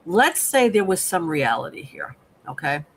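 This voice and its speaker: A man talks through a film episode in a casual live review, his gravelly voice rising and falling a lot. He explains patiently like a therapist, often pausing to check in with "okay?", over a faint hiss. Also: high-pitched, big pitch swings, fairly bright tone, rough recording.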